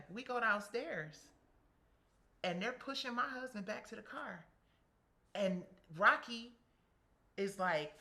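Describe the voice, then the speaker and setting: A middle-aged woman telling a story as an interview guest, animated and blunt, acting out what others said. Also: a little high, normal speed. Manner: animated, quotes people in acted voices, swears freely.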